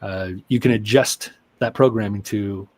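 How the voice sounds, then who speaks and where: Animated man telling client stories. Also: lowish voice, unhurried, dry recording. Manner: animated, acts out quoted clients with laughs. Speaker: guest therapist. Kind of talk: conversational storytelling.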